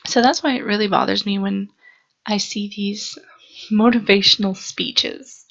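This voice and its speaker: Earnest young woman rambling, gravelly voice. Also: medium pitch, fairly even intonation, muffled recording. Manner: earnest, halting, with frequent ums and restarts. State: sleepy, yawning. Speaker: vlogger. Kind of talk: unscripted rambling to camera. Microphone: camera mic.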